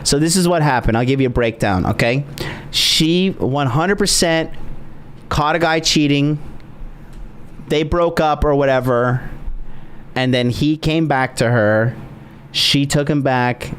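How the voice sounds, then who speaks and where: A man hosting reaction commentary, crude and excitable, stammering through his points. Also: mid-range voice, a little slow, slight background noise. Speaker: host.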